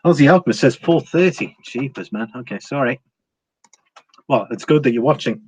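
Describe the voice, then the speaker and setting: A man's voice: mid-range voice, expressive, normal speed, darkish tone, breathy edge, dry recording. A man hosting a live stream in casual chat, reading out viewer comments and answering them with frequent fillers and restarts. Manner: reads viewer comments aloud and replies. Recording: dull lo-fi audio with faint hiss.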